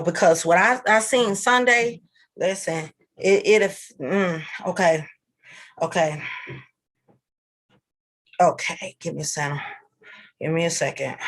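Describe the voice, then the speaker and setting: Upset woman stammering on a livestream. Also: on the low side. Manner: agitated, halting, many restarts and stammers. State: upset, near tears. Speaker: livestream host. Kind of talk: upset livestream address to viewers.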